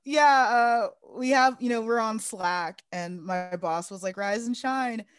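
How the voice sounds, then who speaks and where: A woman co-hosting a podcast in casual chat, sarcastic and profane with quick asides. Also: on the high side, flat delivery, clear, resonant tone, no echo, clean studio sound. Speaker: podcast co-host.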